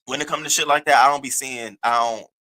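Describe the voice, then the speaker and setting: A man hosting an online show, telling a story in a loud, profane, animated rant and acting out the other people's voices. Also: medium pitch, quick pace. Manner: acts out the other voices in his stories. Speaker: host of an online news show. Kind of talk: casual livestream rant.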